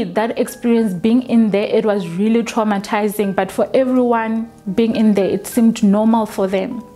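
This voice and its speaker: A woman, telling her own story for a documentary, slow and halting with frequent restarts. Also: medium pitch, darkish tone. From South Africa. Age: 20s. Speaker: documentary interviewee. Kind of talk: personal testimony.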